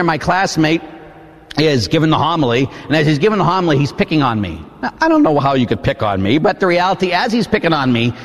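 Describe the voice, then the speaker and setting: Animated priest in an echoey hall. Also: male voice, fairly high pitch. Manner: animated, swings from hushed to exclaiming. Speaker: Catholic priest. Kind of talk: storytelling sermon.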